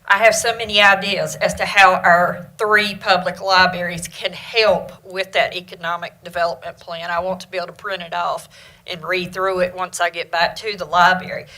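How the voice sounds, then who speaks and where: Bright-voiced woman pitching library stuff to the county board, eager n upbeat. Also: little pitch movement, moderate pace, low-quality recording. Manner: enthusiastic and community-minded. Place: meeting room.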